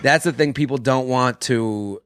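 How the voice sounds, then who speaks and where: A man's voice: mid-range voice, measured pace, a bit bright, clean tone. Rambling, swearing man. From Boston. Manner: rambling, swearing, laughs at himself. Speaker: comedian guest. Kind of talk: casual podcast chat.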